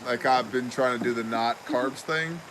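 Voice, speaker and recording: A man hosting a casual talk show, telling stories in a lively way and acting out what other people said. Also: mid-range voice, normal speed, background noise. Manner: animated, acts out quoted people. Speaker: show host. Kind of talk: casual storytelling chat.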